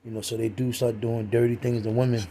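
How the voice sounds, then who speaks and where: A man's voice: mid-range voice, level tone, fast, warm tone, a little hiss or hum. A man giving a casual religious talk in a streetwise, profane way, full of "you know" fillers.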